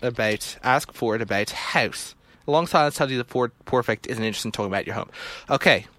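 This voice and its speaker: A man's voice: medium pitch, fast talker, fairly bright tone, no room sound. A young man playing a text adventure, reading its prose aloud and muttering the commands he types between his own remarks. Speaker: video game player. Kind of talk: let's play commentary, reading game text aloud.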